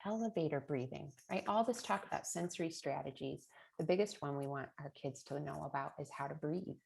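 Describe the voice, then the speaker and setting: A woman's voice: sits low, fairly quick, creaky, darkish tone. A middle-aged woman presenting a parenting webinar in a chatty way, often adding a rhetorical "right?" and little laughs. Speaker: early childhood presenter.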